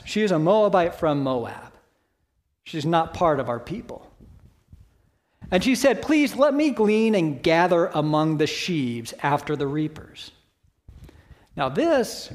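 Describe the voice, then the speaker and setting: A man preaching a sermon in a church, explaining a Bible passage in a conversational way with rhetorical questions. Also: a little high.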